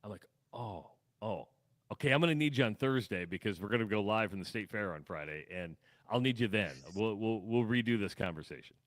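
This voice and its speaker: Self-deprecating Midwestern radio co-host. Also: male voice, fairly low pitch, expressive, brisk. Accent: Midwestern American. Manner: self-deprecating, rambling with restarts. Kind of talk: casual radio chat. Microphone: studio microphone.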